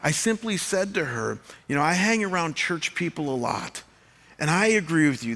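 Bright-voiced male pastor, stammering storyteller. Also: medium pitch. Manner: conversational storytelling with frequent stammered restarts. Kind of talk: sermon.

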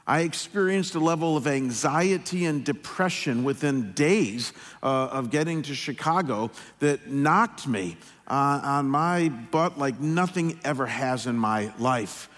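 Middle-aged male pastor, slightly higher voice, earnest sermon storytelling, long hall reverb. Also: fairly bright tone. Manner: slow, earnest personal storytelling.

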